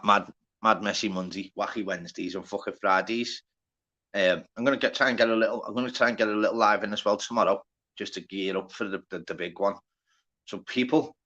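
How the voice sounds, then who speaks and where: A man's voice: fairly low pitch, fairly even intonation, fairly quick, bright, forceful tone, dull audio. A man with a Liverpool accent hosting a casual live stream, chatty and sweary, greeting viewers by name. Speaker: livestream host.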